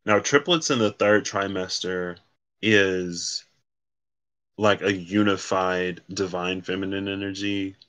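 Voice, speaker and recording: A man's voice: on the low side, sharp tone. A man giving a casual solo card reading, rambling and correcting himself as he reads card meanings aloud. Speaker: tarot card reader.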